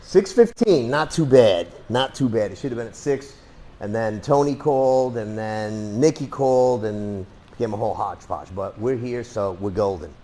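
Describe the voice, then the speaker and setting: A man's voice: fairly low pitch, lively intonation, normal speed, dark tone. A man teaching a self-defense class in a casual, rambling way, with sarcastic asides. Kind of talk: casual live class talk.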